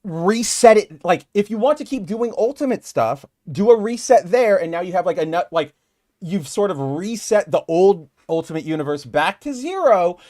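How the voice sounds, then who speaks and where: A man with a notably high voice co-hosts a casual podcast chat. He rambles in an animated way, often turning to address the viewers directly. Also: moderate pace. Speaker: podcast co-host.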